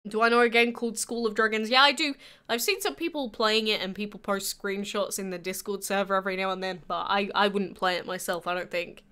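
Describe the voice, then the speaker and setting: Bright-voiced young English woman streamer. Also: mid-range voice, steady tone, a little fast, clear, resonant tone. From England. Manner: chatty, reads out and answers viewer questions. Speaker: livestreamer. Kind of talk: casual chat answering live chat.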